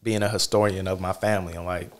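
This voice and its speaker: A man hosting a podcast, talking in a relaxed, reflective way with many fillers. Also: low voice, fast talker. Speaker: podcast host. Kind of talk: casual chat.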